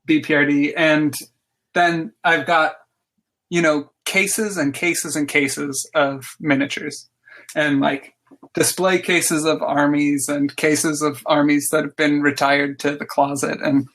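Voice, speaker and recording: A man with a bright, forceful voice and a somewhat high pitch talks as a podcast guest. He rambles eagerly, stringing thoughts together with lots of "like" and short restarts. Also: little pitch movement, slow. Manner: rambling, lots of "like" fillers, enthusiastic. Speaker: podcast guest, game designer. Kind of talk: casual interview chat.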